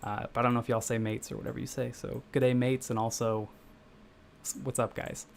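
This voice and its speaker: A young game developer from the Midwestern United States chats casually with live-stream viewers while coding, rambling and correcting himself. He speaks a little fast in a level, mid-range voice with vocal fry, and slight background noise can be heard.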